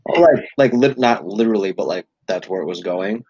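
A man's voice: fairly low pitch, brisk, a little mellow, slightly rough, dry recording, highs cut off. A man chatting casually on a podcast, joking and filling his talk with "like.". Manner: joking, says "like" a lot.

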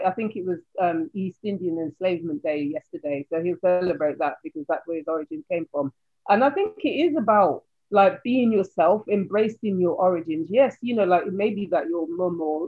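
A woman sociologist speaking as a guest in a casual podcast chat, emphatic and animated, with many fillers. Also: lowish voice. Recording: tinny phone-like line.

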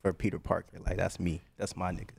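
Laid-back young man, lowish voice. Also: flat delivery, quick pace, vocal fry, a little mellow, breathy edge. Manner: profane, laid-back slang. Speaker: podcast co-host. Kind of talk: casual chat.

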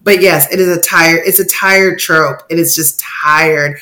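A woman's voice: deep voice, fairly even intonation, a little slow, pushed and bright, poor audio. A woman co-hosting a podcast in casual, emphatic chat, often slipping into mocking quoted asides. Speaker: podcast co-host.

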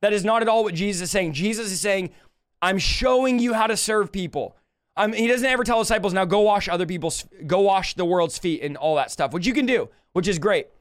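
Man, preacher, livestream sermon, high voice, smooth and clear, emphatic, impassioned. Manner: impassioned, emphatic, rises in pitch on rebukes; slows to drawn-out delivery when quoting scripture.

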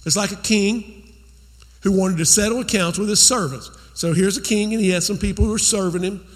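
High-voiced pastor preaching. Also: male voice, long reverb tail. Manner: conversational preaching, repeats phrases for emphasis. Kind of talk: sermon.

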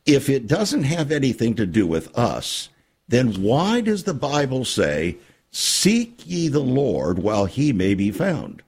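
Radio host guy preaching with big swoops in his voice, kinda husky. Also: mid-range voice, huge pitch swings, a little mellow. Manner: preachy and emphatic, with dramatic pauses. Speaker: radio talk show host. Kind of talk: Christian radio talk show. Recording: radio studio.

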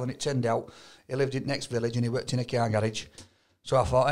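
A man's voice: medium pitch, fairly even intonation, quick pace. A man with a Yorkshire accent, co-hosting a podcast chat, talking in a rambling, storytelling way with lots of restarts. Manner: chatty storyteller, stumbles and repeats words. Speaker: podcast co-host. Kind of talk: casual chat.

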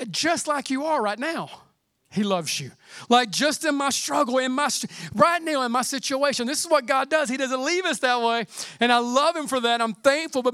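A middle-aged man preaching a sermon in a fervent, conversational way, often dropping to a hushed near-whisper. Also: extremely high pitch, moderate pace, clear, resonant tone, no echo, studio quality. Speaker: pastor.

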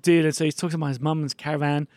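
A male podcast host in casual chat, rambling quickly with lots of fillers and the odd swear. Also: on the high side, little pitch movement, darkish tone, no room sound. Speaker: podcast host running a mock video store.

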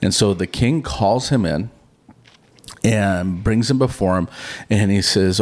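A man co-hosting a Christian podcast, teaching casually and telling stories in an animated, chatty way that acts out the lines he quotes. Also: fairly low pitch, slow. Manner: chatty and informal. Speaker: podcast co-host. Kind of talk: casual conversational Bible teaching.

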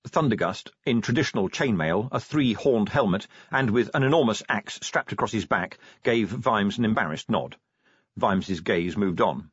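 Brief: a man narrating a fantasy audiobook, expressive and husky, dry close sound. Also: lowish voice, normal speed, no echo, highs cut off.

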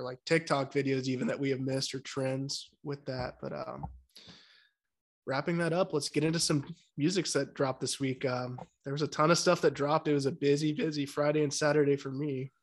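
A man co-hosting a podcast, talking in a relaxed, hesitant way with many fillers as he steers the conversation. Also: medium pitch, moderate pace. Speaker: podcast co-host. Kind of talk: casual chat.

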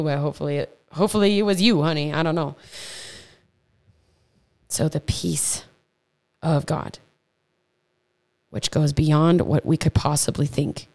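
Low-voiced woman, chatty podcast preaching. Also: moderate pace, vocal fry, long pauses, a little mellow. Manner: chatty and earnest, with stumbles and asides. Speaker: podcast host. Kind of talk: casual faith podcast teaching. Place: home podcast setup.

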